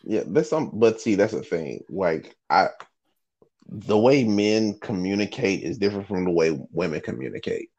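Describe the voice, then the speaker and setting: A man's voice: low-pitched, lively intonation, moderate pace, darkish tone, lo-fi sound. A man hosting a podcast in casual chat, blunt and profane, laughing often. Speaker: podcast host.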